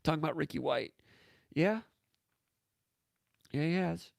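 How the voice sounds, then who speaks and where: A man hosting a live sports talk show, chatting casually and offhand while answering viewer comments, his voice going hoarse. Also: a little high, a little slow, no echo. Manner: rambling, offhand, with frequent fillers and asides.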